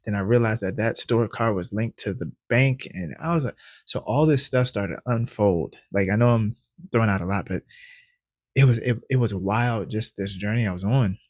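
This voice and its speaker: A man vlogging his personal story to camera, animated and laughing often as he acts out his past thoughts. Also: lowish voice, moderate pace, no echo, clean studio sound. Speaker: credit educator vlogger.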